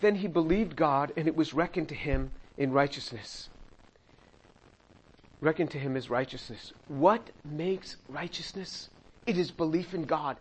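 A man's voice: a little high, measured pace, breathy edge, lo-fi sound. An older man teaching a Bible study in a conversational way, acting out quoted voices and chuckling now and then.

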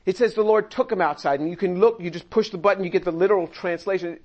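A man's voice: sits high, fast talker, hardly any pauses, lo-fi sound. An older man teaching a Bible study in a conversational way, acting out quoted voices and chuckling now and then.

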